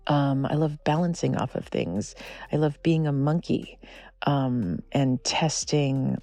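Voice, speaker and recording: A man in his forties whispering a rambling, self-deprecating monologue outdoors among redwoods. His voice has a gravelly fry, a middle pitch and a dry, close sound. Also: darkish tone, no room sound. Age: 40s. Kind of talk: casual whispered vlog monologue.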